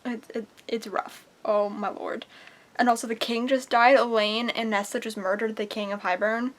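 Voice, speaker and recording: A young woman chatting in a casual reading vlog at home, excitable and chatty, swearing casually. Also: fairly high pitch, normal speed. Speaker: book vlogger. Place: at home, indoors.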